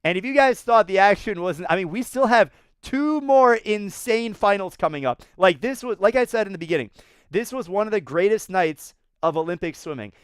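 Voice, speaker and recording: A man hosting a swimming race recap, talking excitedly, laughing and often repeating himself. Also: high-pitched, moderate pace, smooth, no room sound, studio quality. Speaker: swimming analyst host.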